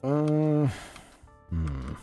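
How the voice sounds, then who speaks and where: A man's voice: on the high side, sing-song, drawn-out words, warm tone, soft background music. A man from the United States streaming a video game, chatting casually, laughing often, swearing freely and answering his chat. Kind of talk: casual live gameplay commentary.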